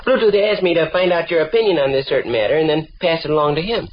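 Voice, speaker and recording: An actor playing an earnest, long-winded young son with a deadpan, repetitive manner, in 1930s radio acting. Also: male voice, a little high, fast talker, natural voice. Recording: dull old radio broadcast with faint hiss.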